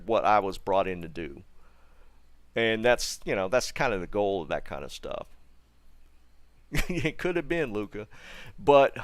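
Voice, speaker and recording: American streamer, mid-pitched, dry-miked, chatty and rambling with frequent restarts. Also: male voice, no echo. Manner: rambling, full of restarts and asides to chat. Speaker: gaming streamer. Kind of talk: casual storytelling while streaming.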